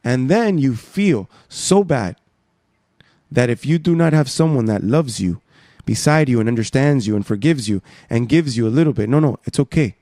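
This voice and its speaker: A man preaching a sermon, emphatic, swinging from soft asides to raised exhortations. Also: mid-range voice, expressive, normal speed, dry recording, clean studio sound.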